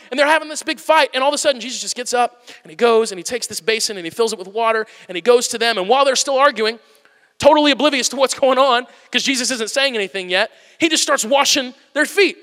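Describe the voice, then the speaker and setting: A man in his thirties preaches with an animated, self-mocking humor and a very high, bright voice. His words carry a long reverb tail from a large church sanctuary. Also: quick pace. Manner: animated, joking and self-deprecating. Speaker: pastor. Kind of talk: humorous sermon.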